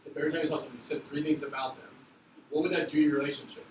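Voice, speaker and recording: A middle school teacher gives instructions at a brisk clip, quick and loose, joking with his students; his voice is slightly high for a man. He sounds far from the mic, with classroom echo and steady background noise.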